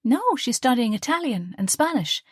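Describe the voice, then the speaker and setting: A woman's voice: a little high, very animated, moderate pace, slightly rough, dry recording, pitched above the performer's own voice. Female reader as young woman student in love, earnest and pleading, raised voice, dry close audiobook sound.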